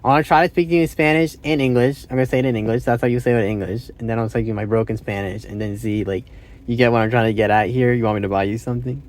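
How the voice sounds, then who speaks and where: A man's voice: medium pitch, steady tone, racing. A man hosting a casual language-practice vlog, thinking aloud and hesitantly correcting himself. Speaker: channel host.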